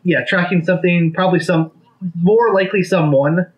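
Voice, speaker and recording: A man narrating a tabletop game as game master, pausing often with ums. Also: high-pitched, highs cut off. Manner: hesitant, many ums.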